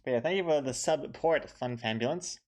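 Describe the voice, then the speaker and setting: A man's voice: mid-range voice, a little mellow. Chatty self-deprecating man streaming. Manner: chatty, self-deprecating, talks to viewers in the chat; quick rambling bursts with many fillers. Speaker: comic artist streaming his drawing. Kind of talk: casual live-stream chat while drawing.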